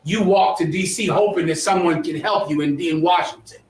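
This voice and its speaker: A man's voice: on the high side, normal speed. A man teaching a history class, lecturing emphatically and quizzing his students. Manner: emphatic, preachy, asks the class questions. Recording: echoey room, mic far off.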